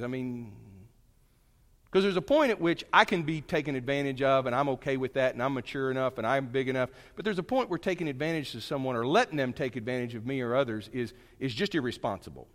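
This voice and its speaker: Lively male preacher in a reverberant hall. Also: medium pitch, fast talker. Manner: conversational, animated storytelling with asides. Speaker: pastor. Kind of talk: sermon.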